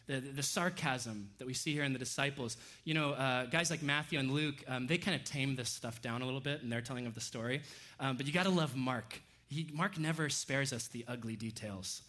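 A man preaching a sermon, animated and sarcastic as he acts out the disciples' lines. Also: fairly high pitch. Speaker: pastor.

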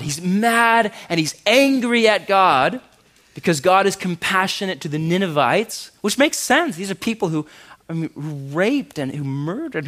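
A man preaching a sermon, animated and emphatic, asking his congregation questions and dropping quiet for serious points. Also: high-pitched. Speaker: pastor.

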